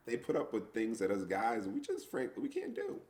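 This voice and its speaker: This middle-aged podcast co-host from the United States talks a little fast in a lowish voice. His casual chat is animated storytelling, full of laughs and acted-out quotes from people.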